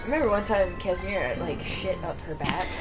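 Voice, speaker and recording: A woman's voice: on the low side, animated, fairly quick, rough recording. A woman chatting casually with family, laughing as she talks. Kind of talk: casual chat. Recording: loud game music behind. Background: game music.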